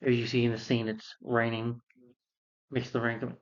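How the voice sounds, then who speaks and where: A man's voice: mid-range voice, little pitch movement, moderate pace. A man giving a casual spoken film review, retelling the plot in a rambling, repetitive way. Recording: dull, muffled lo-fi sound.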